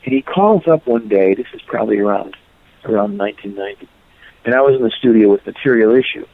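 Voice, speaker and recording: A man's voice: on the low side, animated, fast. An older man and musician, casually telling rambling stories in an interview and correcting himself as he goes. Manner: rambling, anecdotal, self-correcting. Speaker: musician guest. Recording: tinny phone-like line.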